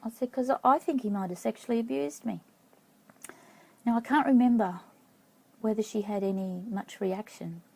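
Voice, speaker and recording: A middle-aged woman telling a personal story to camera in a halting, reflective way, stopping now and then to check her notes. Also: on the high side, gravelly, a little mellow, low-quality recording. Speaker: vlogger.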